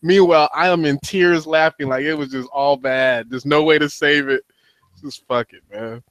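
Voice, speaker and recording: A man's voice: a little high, steady tone, normal speed, fairly bright tone, dry recording. A man hosting a podcast in casual comedic chat, telling stories with laughter and profanity. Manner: laid-back, laughing, profane storytelling. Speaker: podcast host.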